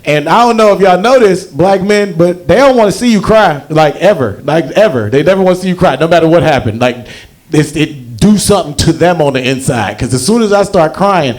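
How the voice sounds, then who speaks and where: A young man doing stand-up on a handheld mic, his voice sitting a bit high for a man. He tells a long profane story and jumps way up in pitch to act out the people in it. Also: animated, a little fast. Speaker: stand-up comedian. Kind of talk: stand-up comedy set. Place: comedy show in a library.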